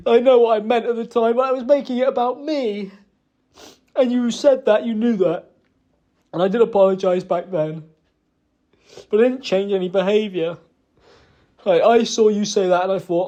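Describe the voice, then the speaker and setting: A young man giving a halting, self-reproachful personal apology, emotional and close to tears, hesitating with many fillers. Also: sits high, warm tone. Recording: dull lo-fi recording.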